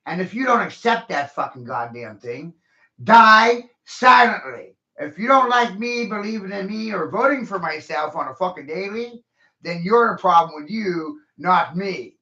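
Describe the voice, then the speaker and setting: A man's voice: high voice, lively intonation, normal speed, bright, forceful tone. A man ranting profanely and heatedly in a casual podcast chat. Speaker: podcast host. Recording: echoey, dull lo-fi room.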